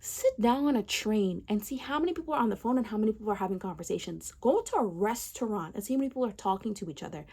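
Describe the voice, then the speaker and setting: Woman, mid-pitched voice, heated commentary, emphatic, ranting, repeats phrases. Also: animated, fast talker, creaky, few pauses, a little mellow, breathy edge. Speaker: commentary vlogger. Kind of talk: impassioned social commentary.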